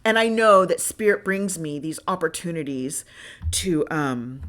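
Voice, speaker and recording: A woman with a bright, forceful voice tells her own stories on a podcast. She talks in a candid, animated way and swears freely. She swings between loud outbursts and quiet, muttered asides. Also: deep voice, measured pace. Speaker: podcast host. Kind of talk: candid personal storytelling.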